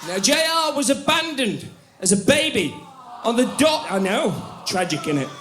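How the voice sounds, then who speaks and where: A man leading a comedy band on stage, introducing a bandmate with loud, jokey showmanship. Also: extremely high pitch, big pitch swings, moderate pace, slight background noise. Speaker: bandleader, compère. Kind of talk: live stage banter and singing. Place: live music venue on stage. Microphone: stage microphone. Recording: live concert with echo and band music.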